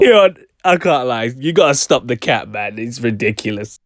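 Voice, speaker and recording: A man hosting a commentary vlog, joking and animated as he retells online drama. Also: medium pitch, normal speed. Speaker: vlog host.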